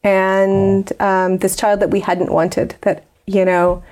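A woman's voice: medium pitch, level tone, slow pace, a little mellow. A woman from the United States, a guest in an interview, earnestly telling a personal story with frequent fillers.

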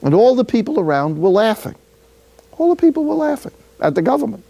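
A friar from City, preaching a sermon through a lively personal story with acted-out dialogue. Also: male voice, sits high, brisk, creaky. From Jersey City, New Jersey.

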